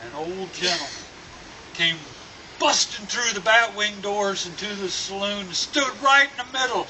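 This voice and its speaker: A man slowly telling a long cowboy joke as a storyteller. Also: sits high, recorded from a distance, noisy background. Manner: slow, drawn-out storytelling. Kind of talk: telling a tall-tale joke.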